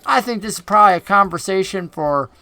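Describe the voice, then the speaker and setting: A man's voice: high voice, animated, fairly quick, sharp tone, dry recording, exaggerated voice. A man voicing a scheming, greedy male goblin boss who talks in a folksy, wheedling drawl with slangy grammar.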